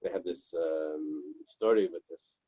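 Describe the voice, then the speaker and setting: A man leading a Talmud study class, reading Aramaic passages and explaining them in English with halting restarts. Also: low voice, dark tone, breathy edge, no room sound, low-quality recording.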